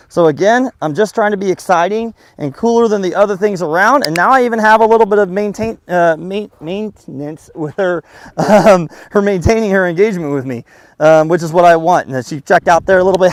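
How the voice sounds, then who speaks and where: Brief: male dog trainer, slightly higher-pitched voice, easygoing explainer, recorded outdoors with faint background noise. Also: fast. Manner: relaxed explaining, breaking into high excited calls to the dog. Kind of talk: casual outdoor training demonstration.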